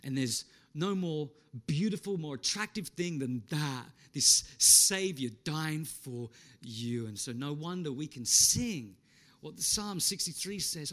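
Man, pastor preaching, fairly high voice, dramatic, loud to hushed. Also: animated, unhurried, hardly any pauses. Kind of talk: sermon.

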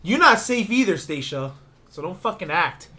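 A man's voice: high voice, very animated, normal speed, sharp tone. A man in casual chat who chips in with teasing remarks and questions. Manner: teasing interjections.

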